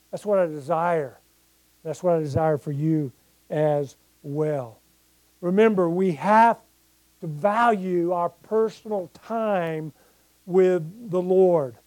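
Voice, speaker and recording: A man's voice: high-pitched, slow pace, mellow, no echo. An older man preaching a sermon as pastor, talking plainly with his congregation and rising into emphatic scripture reading.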